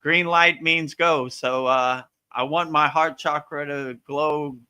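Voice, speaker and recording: A man with a strikingly bright, forceful voice and a fairly high pitch leads a live-stream Q&A as a spiritual teacher. He talks casually and with animation, checking in with "you know?" and "right?" and acting out little voices to make his point. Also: steady tone, takes it slowly, clean tone. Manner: acts out voices playfully.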